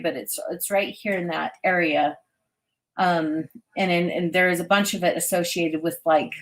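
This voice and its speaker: A chatty woman hosts a live stream and reads viewer comments aloud. Her voice sits a little low, and she laughs often as she gives intuitive readings. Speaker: intuitive reader and host.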